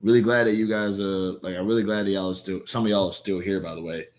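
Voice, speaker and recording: This young man speaks fast in a low, steady voice, chatting casually on a live stream and reading comics aloud. His talk rambles, heavy with fillers, and he keeps restarting and correcting himself.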